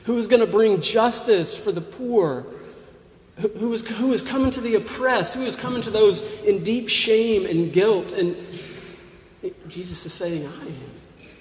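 A man's voice: high voice, unhurried. A male pastor preaching a sermon, pressing his listeners with repeated rhetorical questions. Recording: echoey hall with long reverb.

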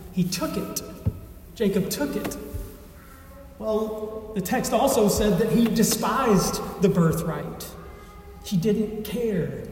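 A man reading scripture aloud and then preaching an earnest sermon as pastor, with emphatic delivery and dramatic pauses. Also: high-pitched, darkish tone, slight background noise. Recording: echoey hall, voice from far off.

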